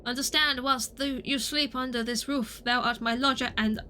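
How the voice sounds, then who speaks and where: A woman's voice: high voice, steady tone, moderate pace, sharp tone, a little hiss or hum. A woman voicing a formal, old-fashioned landlord in a video game, speaking in archaic phrasing.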